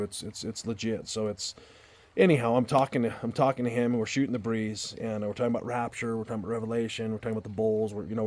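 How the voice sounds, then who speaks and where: A man's voice: fairly low pitch, a little mellow. Earnest rambling man telling a story. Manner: rambling, repeats words and restarts often; earnest and heartfelt. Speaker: storyteller vlogger. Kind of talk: casual spoken storytelling. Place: outdoors in a backyard at night.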